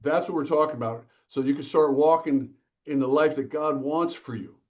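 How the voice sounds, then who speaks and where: With a fairly high voice at a moderate pace, a man guesting as an author tells lively stories and acts out the quotes in a casual interview. The recording is muffled.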